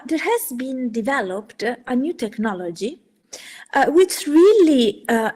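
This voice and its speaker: Lively woman lecturing over video call. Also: a little high. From Italy. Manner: animated, with frequent hesitations and fillers. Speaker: guest speaker. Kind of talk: academic webinar lecture.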